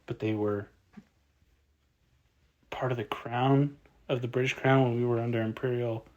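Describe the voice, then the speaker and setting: A man's voice: mid-range voice, steady tone, normal speed, darkish tone, muffled recording. Joking man co-hosting a podcast. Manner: joking, rambling, apologetic. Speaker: podcast co-host. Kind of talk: casual chat.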